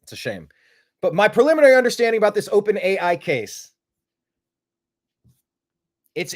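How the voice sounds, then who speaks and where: Opinionated man hosting a live stream. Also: sits high. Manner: rambling, rhetorical questions, emphatic. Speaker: host.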